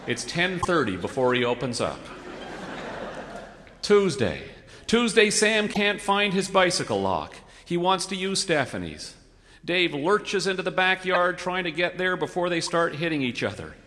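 A man reading a humorous story aloud with wry, measured narration and comic timing. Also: sits high, sing-song, bright, forceful tone. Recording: reverberant hall.

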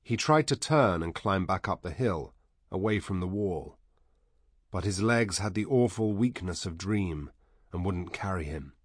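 Deep male narrator, calm steady reading, dry close sound. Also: a little slow, breathy edge, no echo. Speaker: audiobook narrator. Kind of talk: scripted narration.

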